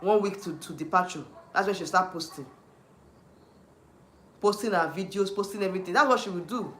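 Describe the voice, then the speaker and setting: A man with a Nigerian accent rants on a livestream, hammering the same points and breaking off to answer chat. His voice sits high and sounds bright and forceful. The room around him rings with a noticeable echo. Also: brisk, slight background noise. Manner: heated, repetitive, restarts often, answers chat. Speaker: YouTube livestream host. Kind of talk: ranting livestream commentary.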